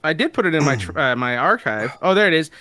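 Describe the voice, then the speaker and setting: A man's voice: a little high, sing-song, pushed and bright. A man co-hosting a podcast, joking and laughing in casual group chat. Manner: laughing, joking, slow-spoken. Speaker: podcast co-host.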